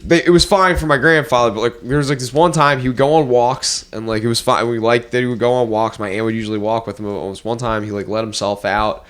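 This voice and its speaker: A man's voice: medium pitch, fairly even intonation, a bit bright, smooth. A young man, co-hosting a podcast in casual chat, stumbling over restarts and fillers. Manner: halting, stacks of restarts and fillers. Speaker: podcast co-host.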